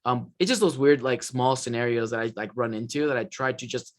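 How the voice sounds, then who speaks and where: A man's voice: medium pitch, fairly quick. A man from the US West Coast chatting casually on a podcast, telling loose stories with lots of fillers and swearing.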